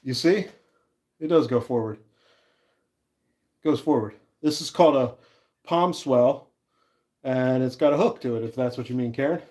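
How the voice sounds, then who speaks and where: This woodworker, in his 30s, keeps up an easy, laughing conversation with his livestream audience, reading and answering chat as he works on an axe handle. His mid-range voice is warm and normal-paced, broken by long pauses.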